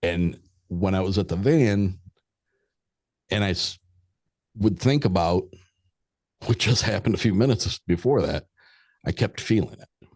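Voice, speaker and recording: Deep-voiced man telling a story, candid and profane. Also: unhurried, long pauses, a little mellow, slightly rough, no room sound, clean studio sound. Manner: candid, swears freely, quotes people in conversation. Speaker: podcast guest. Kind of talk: casual spoken storytelling.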